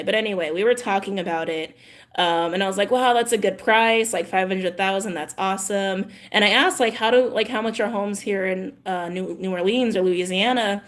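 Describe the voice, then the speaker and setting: A woman's voice: mid-range voice, normal speed, a bit bright. A woman from California talks casually to her viewers in a loose live-stream chat. She slides into heated rants, swears freely and breaks into laughter often. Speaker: tarot channel host.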